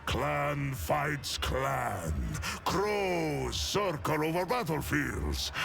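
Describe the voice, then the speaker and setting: A towering space-wolf warrior in a video game, his voice gravelly and booming. He tells his tales slowly and grandly, and his pitch rises and falls dramatically. Loud game music plays under his lines. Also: exaggerated voice. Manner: slow, dramatic storytelling delivery with some shouted lines. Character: giant gruff male space-wolf warrior, proud.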